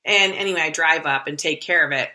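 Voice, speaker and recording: A middle-aged woman tells a story in casual chat, slipping in and out of the voices of the people she describes. Her voice sits on the low side but carries a bright, forceful edge. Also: fast talker. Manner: animated storyteller acting out quoted voices.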